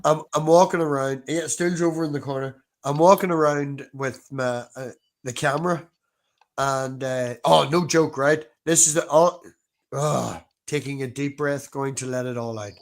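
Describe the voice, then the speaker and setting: An Irish man on a livestream panel, chatting and telling stories in a profane, animated way. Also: medium pitch, normal speed. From Ireland. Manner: profane, animated, talks over others. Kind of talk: casual chat and storytelling.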